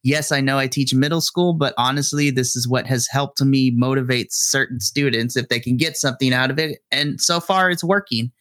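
A man, a middle school teacher, co-hosting a casual podcast chat and telling a classroom story in an animated, blunt, frustrated way. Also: medium pitch, moderate pace, few pauses, dry recording, studio quality.

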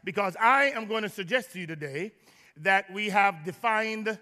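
A man preaching a sermon to his church, joking with the congregation and rising to shouts. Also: sits high, moderate pace, big-room sound. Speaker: pastor. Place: large church.

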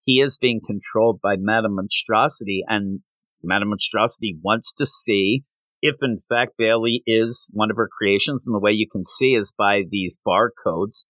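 Retelling a comic book with lively energy, a man co-hosting a podcast voices its quoted lines in a casual discussion. His lowish voice keeps a moderate pace. The audio is rough, with no room sound.

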